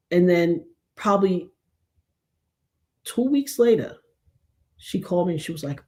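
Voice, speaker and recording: A woman's voice: on the low side, animated, normal speed, pauses often, warm tone. A woman in casual talk-show chat, telling stories animatedly and acting out the quoted dialogue.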